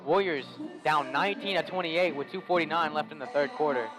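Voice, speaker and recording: A man's voice: on the high side, fairly quick, over music, rough recording. A young man doing chatty, lightly joking play-by-play commentary for a school basketball game. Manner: chatty, lightly joking, talks while eating. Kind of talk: local sports commentary.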